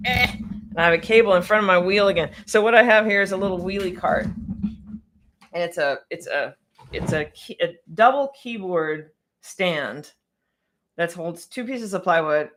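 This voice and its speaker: A woman's voice: fairly low pitch, moderate pace, a bit bright, a little hiss or hum. A woman piano technician answering viewer questions on a casual livestream, chatty and a bit scattered, with frequent restarts and laughter.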